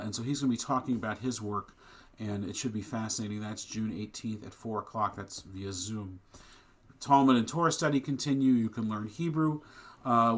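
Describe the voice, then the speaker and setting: A man serving as rabbi at a synagogue service streamed online gives plain, conversational announcements, then preaches a sermon with growing passion. His voice is medium-pitched and fairly bright.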